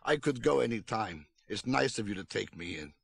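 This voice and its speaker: Man reading as a blunt, unruffled old man of over a hundred with a foreign accent; gravelly and matter-of-fact. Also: on the low side, lively intonation, moderate pace, dry recording, heavily acted. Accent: unnamed foreign accent. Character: very old male relative with an old-country accent.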